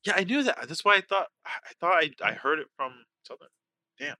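A man chatting casually on a livestream quiz game, goofy and quick to swear, given to mock-outraged rants. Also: a little high, very animated, bright, forceful tone. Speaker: game contestant and stream co-host.

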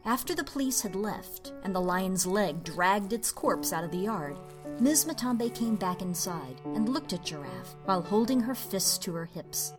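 A woman narrating a story in an expressive, playful reading. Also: medium pitch, normal speed, music in the background.

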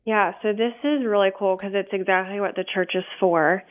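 A woman's voice: mid-range voice, steady tone, moderate pace. Woman radio guest, candid and earnest, frequent ums, narrow tinny phone-style audio. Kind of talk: radio interview.

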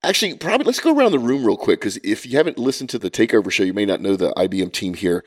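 Fast-talking male podcast co-host. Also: lowish voice, very animated. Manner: joking, laughs easily. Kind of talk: casual podcast chat. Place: studio room with guests.

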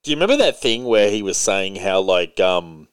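A man's voice: sits low, sing-song, normal speed, smooth. A man hosting a casual podcast chat, who laughs a lot and reads out news items with casual swearing. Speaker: podcast host.

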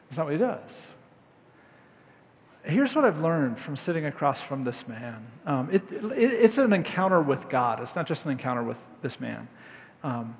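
A man's voice: fairly high pitch, big-room sound. A man preaching a sermon in a candid, conversational way, acting out little dialogues as he talks. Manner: candid, conversational, acts out dialogue with animated shifts. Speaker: pastor.

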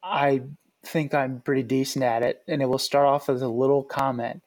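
A man's voice: mid-range voice, fairly even intonation, moderate pace, darkish tone. Laid-back man telling clubhouse stories. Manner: laid-back, says "dude" a lot. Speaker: former pitcher sharing stories. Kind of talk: casual storytelling chat.

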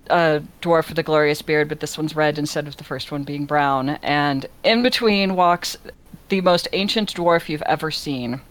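A woman narrating a tabletop game as dungeon master, relaxed and laughing often. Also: deep voice.

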